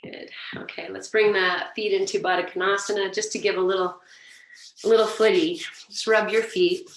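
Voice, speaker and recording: Gentle woman guiding a yoga class. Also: medium pitch, normal speed. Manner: gentle, encouraging, relaxed cues. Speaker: yoga teacher. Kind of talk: guided yoga class instruction. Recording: echoey room, mic far off.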